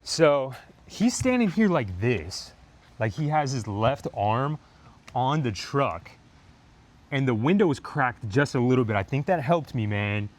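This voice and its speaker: Animated young man telling a storytime. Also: mid-range voice, a little slow. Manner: animated retelling with frequent fillers. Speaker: vlogger. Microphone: lapel mic on shirt.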